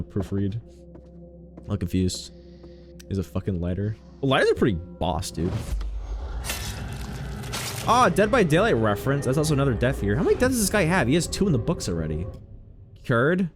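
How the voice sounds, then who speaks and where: A man streaming a horror game with casual, sarcastic commentary, joking and swearing freely. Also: on the low side.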